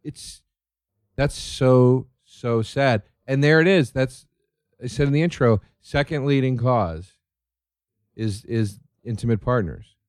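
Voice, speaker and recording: A man's voice: medium pitch, slow pace, a little mellow, no room sound, clean studio sound. A man hosting a casual chat, reacting briefly and then reflecting on what he heard.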